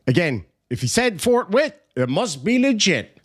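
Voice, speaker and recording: A man's voice: high-pitched, sing-song, normal speed, hardly any pauses. An Irish man hosting a comedic commentary video, sarcastic and mocking as he talks. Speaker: YouTube host.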